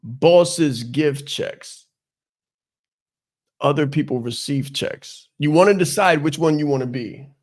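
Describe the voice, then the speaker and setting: A man's voice: on the high side, moderate pace, hardly any pauses. A man hosting a business podcast as a coach, giving an emphatic motivational talk and repeating his key phrases.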